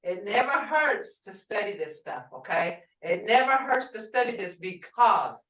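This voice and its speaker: A middle-aged woman teaches a language class at a deliberate, unhurried pace, saying each word and then repeating it for her students. Her voice sits in a middle range. The mic is a little distant and picks up a roomy echo. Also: medium pitch, very animated, a bit bright. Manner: repeats words slowly for learners.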